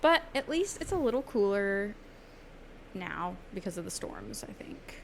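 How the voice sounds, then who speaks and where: A chatty young woman co-hosting a podcast, laughing easily and drifting into silly mock voices as she talks. Her voice sits at an everyday middle pitch. A faint hiss of noise runs under the recording. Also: big pitch swings, unhurried, creaky. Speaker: podcast co-host. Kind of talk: casual chat.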